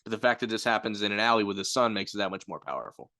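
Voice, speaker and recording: Man, low voice, casual reflective film talk, long explanations. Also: expressive, rapid-fire, sharp tone. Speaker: film review podcast co-host. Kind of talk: casual chat.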